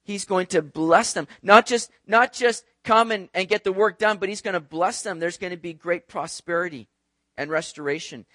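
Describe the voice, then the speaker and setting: Male pastor, high voice, animated conversational sermon delivery, dry close sound. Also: moderate pace, no room sound. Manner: animated, conversational preaching with rhetorical asides.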